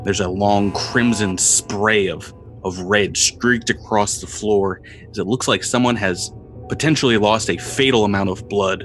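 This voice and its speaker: A man narrating a tabletop game as game master, describing scenes with frequent pauses and repeated words. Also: on the low side, a bit bright, soft background music. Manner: descriptive, halting with fillers and repeats.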